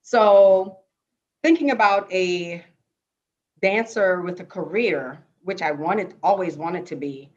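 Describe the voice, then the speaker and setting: Jamaican-born woman telling a lively story. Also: on the low side, takes it slowly, lo-fi sound. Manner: lively, animated storytelling with many rhetorical "right?"s. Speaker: dance panelist. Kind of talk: casual storytelling on a panel.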